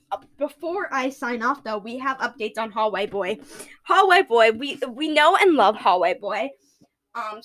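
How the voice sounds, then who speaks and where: A teenage girl with a high, bright voice chats on her own podcast. She gushes and giggles at her own jokes, keeping the talk loose and rambling. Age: teens. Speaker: podcast host. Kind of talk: casual solo podcast chat.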